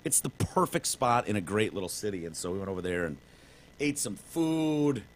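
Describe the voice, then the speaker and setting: A man's voice: on the low side, very animated, normal speed, a little hiss or hum. A man co-hosting a podcast in casual chat, rambling with lots of fillers and swearing. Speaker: podcast co-host.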